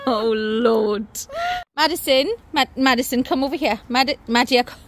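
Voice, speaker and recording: Chatty woman, bright higher voice. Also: moderate pace, slight background noise. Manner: chatty, laughs often, expressive. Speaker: vlogger and mother. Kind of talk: casual chat to camera. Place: outdoors in a garden.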